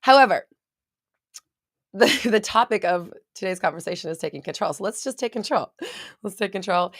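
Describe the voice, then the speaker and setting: Woman host, low voice, casual chatty live-stream rambler, dry close sound. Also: dry recording. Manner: rambling, chatty, reads viewer comments aloud.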